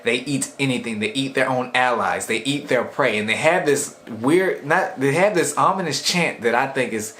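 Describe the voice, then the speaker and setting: A man's voice: medium pitch, moderate pace, hardly any pauses, a bit bright, a little hiss or hum. A young man casually reviewing an anime episode in a rambling, slangy way, often acting out the characters' lines.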